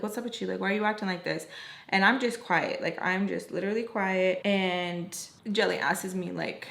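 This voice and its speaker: A woman's voice: mid-range voice, slight background noise. Chatty young woman telling a story. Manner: chatty, lots of "like", acts out quoted voices. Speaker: makeup artist and vlogger. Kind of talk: casual storytime. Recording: echoey room with faint ambience.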